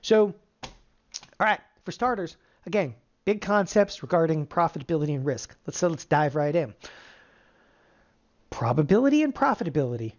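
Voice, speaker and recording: A middle-aged options trading instructor teaching a live webinar, energetic and firing rhetorical questions at the audience. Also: medium pitch, normal speed, long pauses. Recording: dull lo-fi webinar audio.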